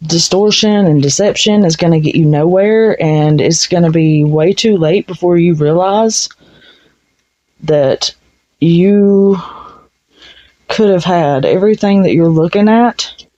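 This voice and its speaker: A woman's voice: lowish voice, mellow. Woman doing a tarot reading, super blunt, swears a lot, takes her time, muffled lo-fi audio. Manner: blunt and frank, swears freely. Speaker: tarot reader. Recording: dull lo-fi sound.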